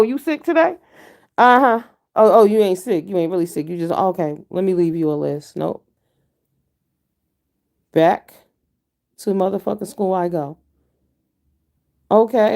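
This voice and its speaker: A woman's voice: fairly low pitch, mellow. A middle-aged woman ranting bluntly and profanely to her viewers in a casual vlog. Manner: blunt and profane, with frequent mm-hmms. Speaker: vlogger.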